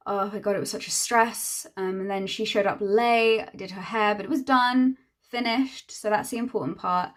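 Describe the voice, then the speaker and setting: Chatty young woman telling a storytime. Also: medium pitch. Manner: chatty, exasperated, acts out quoted dialogue. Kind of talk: casual storytime while doing her makeup.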